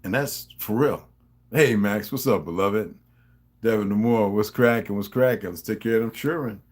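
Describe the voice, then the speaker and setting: A man's voice: lowish voice, moderate pace. A middle-aged man with a New Jersey accent, talking to his subscribers in a rambling, profane, confrontational monologue. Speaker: vlogger.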